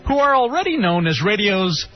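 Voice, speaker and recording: A man's voice: high-pitched, moderate pace. A man co-hosting a radio talk show, mockingly reading aloud a promo sheet about the show. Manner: animated, mocking, reads aloud with sarcasm. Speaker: radio co-host. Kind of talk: casual radio banter. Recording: lo-fi radio broadcast with faint music.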